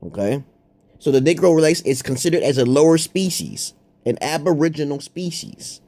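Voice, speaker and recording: A man's voice: a little high, animated, moderate pace, dark tone. A man rambling through a profane, confrontational monologue to his viewers, with frequent "okay?" asides. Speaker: online commentator.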